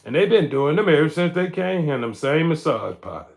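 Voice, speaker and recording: A man's voice: a little high, animated, fairly quick, creaky. A man hosting a livestream, ranting in casual commentary. He is emphatic and repeats his points, tagging lines with "man". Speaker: livestream host. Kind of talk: live-stream commentary rant.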